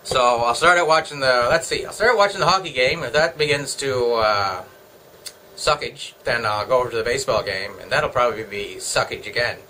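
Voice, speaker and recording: Bright-voiced man rambling casually. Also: medium pitch, fairly quick, slight background noise, rough recording. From Canada. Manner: joking, meandering, talks to himself. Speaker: vlogger. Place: home.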